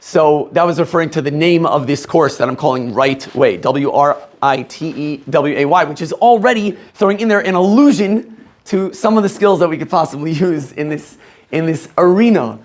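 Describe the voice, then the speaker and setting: A man from Maryland, USA, teaching a class of rabbinical students in a lively, questioning way, laughing often. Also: on the high side, fairly quick.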